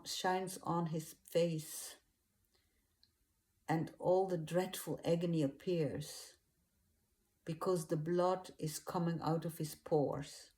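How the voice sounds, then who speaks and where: A woman retelling a religious story in an unhurried, hesitant way, with fillers and restarts. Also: on the low side, darkish tone.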